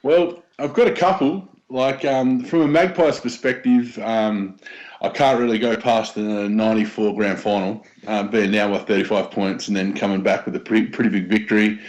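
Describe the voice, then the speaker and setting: An Australian man, a podcast guest in casual sports chat, speaking enthusiastically but haltingly with many filler pauses. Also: fairly low pitch, fairly even intonation, a little mellow, rough recording.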